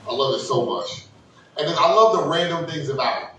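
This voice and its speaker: A stand-up comedian works the crowd, crude and loud, jumping into high squealing voices for his characters. His voice is bright and forceful. It rings around a very echoey room, caught from a little distance by the mic. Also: expressive, a little fast, slight background noise.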